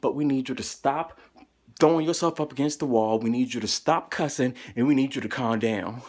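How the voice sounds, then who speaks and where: A man voicing calm, firm hospital staff in a measured, flat manner while telling a story. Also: medium pitch, voice pushed down, lightly acted. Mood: stern.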